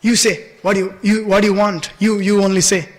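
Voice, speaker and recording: A man's voice: sits high, level tone, a little fast, close to an everyday voice. A man voicing a humble, deferential elderly cowherd woman. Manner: deferential, eager to please. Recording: reverberant temple hall.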